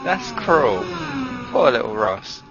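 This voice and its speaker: A man's voice: medium pitch, wildly swooping pitch, slow pace, noisy background. A man doing casual, teasing banter as a sim racing commentator and reading forum posts aloud. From United Kingdom. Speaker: race commentator. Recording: dull lo-fi stream audio with faint music.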